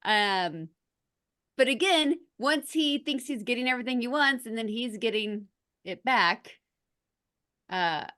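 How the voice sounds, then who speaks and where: A woman chatting casually on a podcast about a film, animated and giggly, full of "like" and "um". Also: on the high side, unhurried, pauses often. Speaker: podcast guest. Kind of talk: casual movie-review chat.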